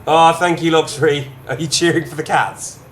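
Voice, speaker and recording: A man giving excitable, chatty let's-play commentary while gaming, addressing viewers. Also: fairly high pitch, moderate pace, a little hiss or hum. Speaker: gamer streamer. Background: game music.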